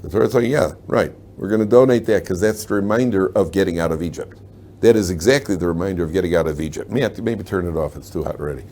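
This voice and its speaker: A man teaching a Torah class to live students, animated, asking rhetorical questions and telling jokes. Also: sits low, quick pace, slight background noise.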